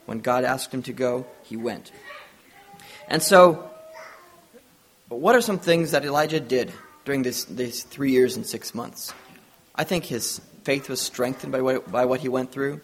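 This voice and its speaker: A man's voice: mid-range voice, a little slow. A man preaching a sermon, retelling a Bible story with earnest storytelling and acted-out dialogue.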